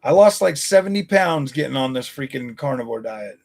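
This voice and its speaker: A man's voice: medium pitch, lively intonation, normal speed, a little mellow. A man in his forties chatting on a live stream, answering viewers in a blunt, combative, profane way. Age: 40s.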